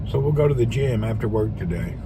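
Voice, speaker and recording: A vlogger chats casually on a live stream from inside a vehicle, rambling, joking and laughing a lot. His voice is fairly low, and he talks fast and animatedly. The car ambience is noisy.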